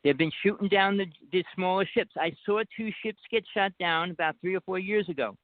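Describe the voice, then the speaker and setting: A man's voice: high-pitched, fairly quick. A man with a New Jersey accent, calling in to a talk show and talking at length in an insistent, rambling way, pushing on over interruptions. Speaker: guest caller. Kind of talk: casual talk show chat. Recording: dry tinny phone line.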